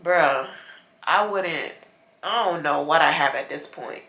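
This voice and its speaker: A congested woman vlogs from her bed, rambling and frustrated as she talks to her viewers. Her voice is low but bright and forceful. The room around her sounds echoey. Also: takes it slowly, vocal fry. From United States. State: congested, stuffy nose. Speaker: vlogger. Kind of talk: casual vlog chat. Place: bedroom, lying in bed.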